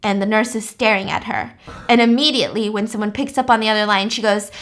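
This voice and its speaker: A woman's voice: mid-range voice, fast, a bit bright. A young woman hosting, telling a true crime story in a chatty, casual way with lots of fillers. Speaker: host.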